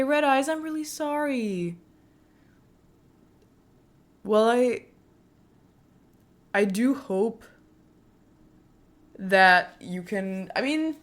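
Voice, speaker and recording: A woman in her twenties chatting casually with her viewers as a streamer, talking warmly and laughing often. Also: lowish voice. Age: 20s. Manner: chatty, frequent laughs, speaks warmly to chat.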